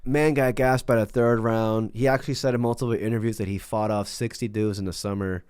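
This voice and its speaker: A man's voice: on the low side, fairly even intonation, brisk, darkish tone, clean tone, no echo. A man doing casual, mocking commentary on a video clip, laid-back and loose. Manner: mocking, laid-back, many fillers and restarts. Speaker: commentary YouTuber.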